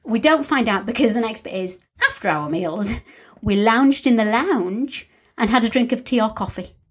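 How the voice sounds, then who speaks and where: A woman's voice: a little high, lively intonation, moderate pace, breathy edge. A British woman co-hosting a casual chat, reading family letters aloud in a dry, matter-of-fact way. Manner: dry, matter-of-fact reader, keeps steering back to the text.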